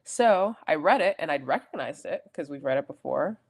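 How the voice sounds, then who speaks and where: A woman's voice: deep voice, expressive, moderate pace, slightly rough. A young adult woman co-hosting a podcast, telling a personal story in a rambling, chatty way with self-corrections. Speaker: podcast co-host. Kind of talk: casual chat.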